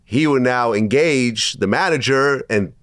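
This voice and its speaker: A man's voice: medium pitch, fairly bright tone, dry recording, clean studio sound. Male interviewer with brief prompts. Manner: brief prompts and measured commentary. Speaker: interview host.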